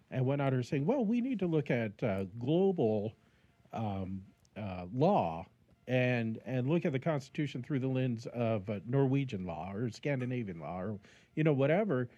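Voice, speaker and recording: Lively, mellow-voiced man on dull audio. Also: mid-range voice, dry recording. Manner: reflective, agreeing, lively intonation. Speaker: podcast co-host. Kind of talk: casual theological discussion. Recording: dull lo-fi sound.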